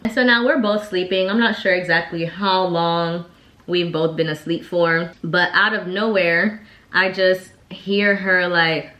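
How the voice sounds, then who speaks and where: Low-voiced chatty woman vlogger. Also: fairly bright tone. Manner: chatty, lots of "like" fillers. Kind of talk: casual storytime while getting ready. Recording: echoey room.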